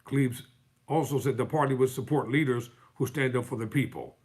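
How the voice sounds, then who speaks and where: Husky man reading news with fiery commentary. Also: mid-range voice, normal speed, darkish tone. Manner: fiery, sarcastic, mocking. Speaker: live-stream host. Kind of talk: reading news articles aloud with heated commentary.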